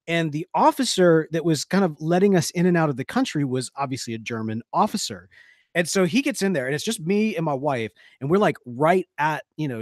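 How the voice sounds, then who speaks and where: A man's voice: on the high side, darkish tone, no echo, studio quality. A man co-hosting a pipe tobacco podcast, telling stories in a rambling, self-correcting way. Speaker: podcast co-host. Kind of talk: casual chat.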